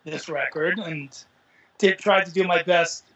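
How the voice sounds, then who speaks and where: A man's voice: a little high, fairly even intonation, a little slow, a bit bright, husky. A man who is a comedian guest, chatting casually and joking at his own expense. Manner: self-mocking, jokey. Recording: dull lo-fi line with faint noise.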